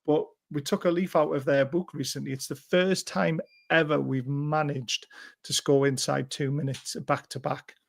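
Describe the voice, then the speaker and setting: A man's voice: on the high side, fairly even intonation, moderate pace, vocal fry. A man hosting a fan channel, enthusiastically going through a football match. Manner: enthusiastic, chatty, asks tag questions.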